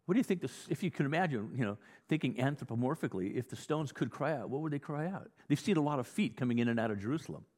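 A male pastor preaching a sermon in a conversational, animated teaching style with frequent restarts. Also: medium pitch, quick pace, hardly any pauses. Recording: long hall reverb.

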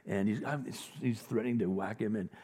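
A man's voice: lowish voice, brisk, warm tone, slightly rough. A male pastor giving a sermon, telling stories in a conversational way and rising to emphatic points. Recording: reverberant hall.

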